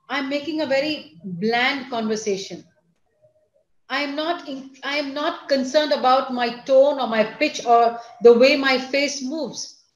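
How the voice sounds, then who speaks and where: A woman school principal, giving an online lecture to students and parents in an expressive, teacherly manner. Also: high voice, measured pace, reverberant, dull audio. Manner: expressive, teacherly, addresses listeners directly.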